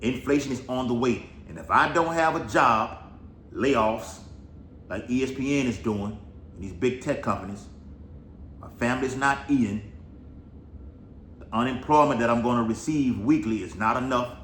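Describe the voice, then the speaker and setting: A man speaks at a moderate pace with long pauses, his medium-pitched voice a bit bright. He wanders through casual Bible prophecy talk, cursing freely and repeating "all right." The recording has room echo and faint noise.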